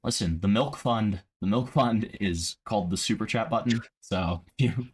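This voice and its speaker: A man's voice: lowish voice, normal speed, slight background noise. A man live-streaming a casual reaction, profane and mocking.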